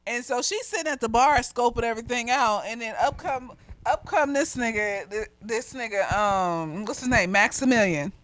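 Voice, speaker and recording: A woman's voice: fairly high pitch, normal speed, fairly bright tone, poor audio. Chatty tipsy woman recapping a movie. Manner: chatty and profane, laughs often, voice jumps up when exasperated. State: slightly tipsy. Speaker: movie reviewer.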